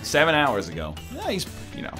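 A man's voice: on the high side, a little fast, music in the background. A man reading party-game prompts aloud during a livestream, joking and laughing as he goes. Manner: jokey, animated, laughs often. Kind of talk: casual banter while playing a party game.

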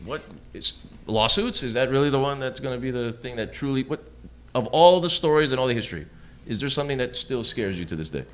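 A male host asking questions in a lively, joking way during a casual interview recorded live in a bar. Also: medium pitch, quick pace. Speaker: podcast host.

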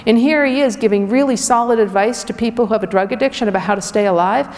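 A woman's voice: on the high side, fast talker, darkish tone. A woman physician giving a direct, emphatic public health lecture to a community audience. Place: community event hall. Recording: long reverb of a hall.

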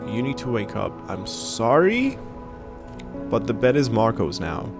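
A man's voice: fairly low pitch, expressive, brisk, gravelly, over music. A man giving casual, jokey commentary while he plays a video game, talking back to the characters and reading the game text aloud. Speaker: gaming video creator. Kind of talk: casual let's play commentary.

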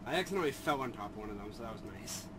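A man's voice: medium pitch, expressive, racing, rough recording. A man playing a shooter with a friend, explaining the game bluntly and swearing casually. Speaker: gamer. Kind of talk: casual gaming banter.

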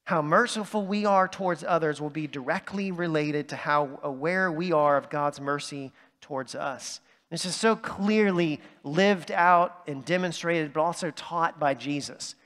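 A man's voice: a little high, unhurried, a bit bright, big-room sound. A man pastor delivering a sermon in a conversational way, often checking in with "right?". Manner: conversational preaching with asides like "right?". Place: church sanctuary.

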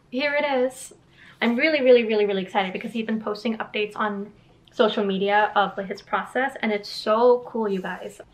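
A woman illustrator chats to her viewers in a casual vlog. Her voice sits a bit high, and she rambles happily with plenty of fillers. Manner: bubbly, rambling, many "like" fillers. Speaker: children's book illustrator vlogging.

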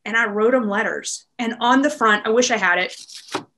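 Her fairly high voice is bright and forceful, moving at a moderate pace. She's a Maryland woman in her thirties, cheerfully chatting in an informal interview about being a real estate team leader, full of laughter and filler words.

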